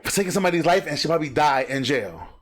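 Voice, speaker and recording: A man hosting a reaction video, talking emphatically and acting out sounds and quotes in animated commentary. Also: a little high, racing.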